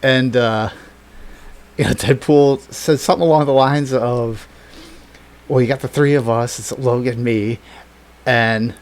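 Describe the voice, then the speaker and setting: A man co-hosting a casual chat, telling a story with lots of swearing, laughter and excited reactions. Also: medium pitch, a little slow, long pauses. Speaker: podcast co-host.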